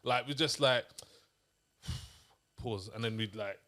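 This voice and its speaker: A man's voice: mid-range voice, slow, bright, forceful tone. A man in a casual movie review chat, telling stories through laughter and slang. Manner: laughing storyteller, heavy slang.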